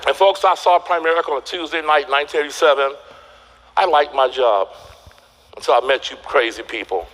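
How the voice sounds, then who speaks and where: A man giving a motivational seminar speech, telling stories animatedly and acting out quotes with loud exclamations. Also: on the high side, fairly quick, a little hiss or hum, rough recording. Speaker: motivational speaker.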